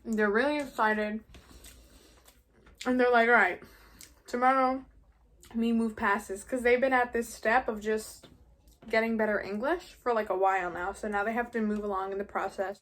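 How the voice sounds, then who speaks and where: A woman's voice: mid-range voice, fairly even intonation, moderate pace. A teenage girl vlogging while eating, chatty and casual, saying "like" constantly. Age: teens. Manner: chatty, heavy use of "like".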